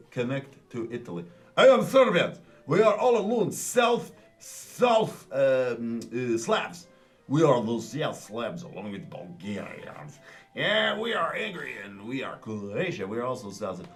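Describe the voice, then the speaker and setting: A blustery mock-Slavic man speaks in broken English, as a comic puts him on, his pitch swinging wildly from line to line. Faint music hums underneath.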